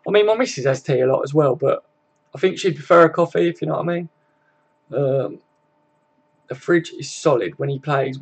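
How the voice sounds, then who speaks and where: Young British bloke, fairly high voice, easygoing laddish live-stream host who swears and says mate a lot. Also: male voice, creaky, lo-fi sound. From Britain. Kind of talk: casual live chat reading comments. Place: home room with desk and sofa.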